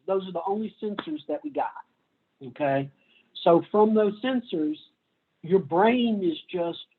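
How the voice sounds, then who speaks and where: A man's voice: high-pitched, phone-quality sound. A man giving a casual, conversational college lecture. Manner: conversational, plays out little voices. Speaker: university lecturer.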